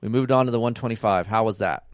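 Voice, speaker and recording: A middle-aged man hosting a podcast, telling a rambling racing story in a casual, animated way and acting out the dialogue. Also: lowish voice, quick pace, no room sound, clean studio sound. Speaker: podcast host and racing dad.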